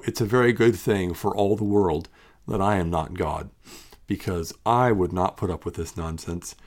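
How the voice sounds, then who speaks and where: Pastor guy w a lowish voice reading scripture then riffing on it, emphatic and chatty. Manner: reads scripture steadily, then talks in an emphatic, conversational way. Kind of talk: Bible reading and devotional commentary.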